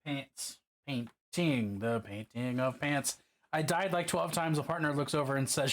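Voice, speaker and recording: A man's voice: mid-range voice, a little slow. A man chatting casually on a livestream while painting miniatures, swearing freely and reacting to viewer comments.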